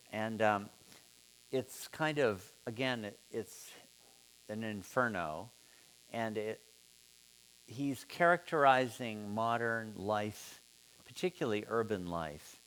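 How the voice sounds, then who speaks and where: A man leading an informal seminar, musing aloud and putting questions to his students in a relaxed way. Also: lowish voice, a little hiss or hum. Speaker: seminar teacher.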